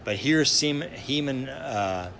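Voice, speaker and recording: Male pastor, very slow sermon delivery, pausing often, slight room ambience. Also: mid-range voice, animated, vocal fry, a bit bright, a little hiss or hum. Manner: slow and deliberate, with frequent "uh" pauses.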